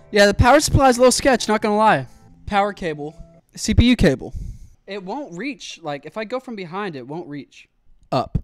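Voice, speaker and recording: A young man streaming while he builds a PC, telling an animated story with plenty of swearing. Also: on the high side.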